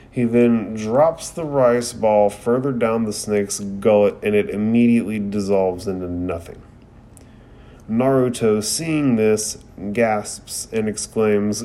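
Slow, dark-voiced man recapping an anime. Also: lowish voice. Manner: profane, rambling, frequent "like". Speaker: anime episode reviewer. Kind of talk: casual recap and commentary.

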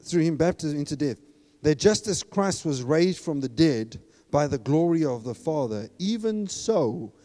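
A man's voice: fairly high pitch, moderate pace. A preaching man in an echoing hall. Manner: conversational preaching that builds to emphatic, animated exhortation. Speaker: pastor. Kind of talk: sermon. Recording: long reverb of a large hall.

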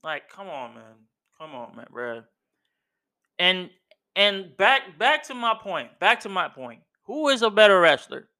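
Male podcast host with a clear, smooth, high voice, casual and emphatic, heavy on slang. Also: big pitch swings, a little slow, sharp tone. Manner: emphatic, slangy, repeats himself, says "bro" a lot. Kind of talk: casual wrestling opinion rant.

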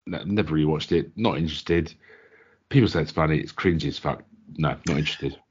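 A man's voice: very deep voice, fairly quick, a little mellow, slight background noise. A man co-hosting a podcast, talking bluntly in short, clipped, dismissive sentences during a casual rant. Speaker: podcast co-host. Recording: dull lo-fi recording.

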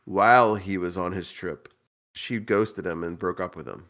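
A man with a fairly low voice, co-hosting a podcast while tipsy from drinking. He rambles through a long story, swearing freely and breaking into laughter. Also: normal speed, a bit bright. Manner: rambling, profane, giggly storyteller. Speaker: podcast co-host. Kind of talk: casual storytelling chat.

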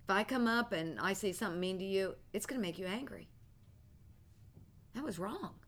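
An older woman teaching a prophetic training class, telling a personal story and acting out her old thoughts with bursts of loud feeling. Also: mid-range voice, moderate pace. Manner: animated storyteller, acts out her own past thoughts loudly. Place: classroom with students.

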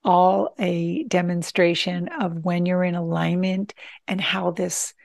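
A woman shares an earnest, heartfelt testimonial on her own channel. Her voice has a gravelly edge. The sound is dry and close, with no room echo. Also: fairly low pitch, fairly even intonation, slow pace, darkish tone. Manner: earnest, heartfelt, with frequent restarts. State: tearful at times. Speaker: channel host. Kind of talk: emotional personal testimonial.

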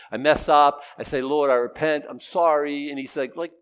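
A male pastor giving a conversational verse-by-verse sermon, animated, with sudden jumps in loudness, humorous asides and frequent restarts. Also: fairly high pitch, moderate pace, few pauses. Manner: frequent restarts and repeated words.

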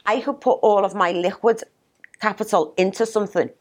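A woman's voice: mid-range voice, steady tone, brisk. A woman with a Liverpool accent, a business owner talking as an interview guest in a direct, matter-of-fact way. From Liverpool, England. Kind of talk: casual interview chat.

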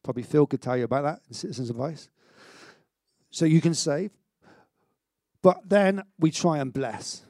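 A middle-aged man preaching a sermon in an energetic, conversational way, with stammered restarts and self-mocking humour. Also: on the high side, normal speed, dry recording, clean studio sound. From Wales. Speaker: pastor.

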